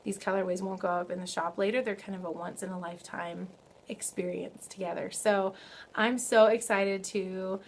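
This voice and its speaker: A young woman hosting a knitting podcast from home, chatting casually and excitedly, full of fillers and self-corrections. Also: medium pitch, moderate pace. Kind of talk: casual video podcast chat. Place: home, early morning.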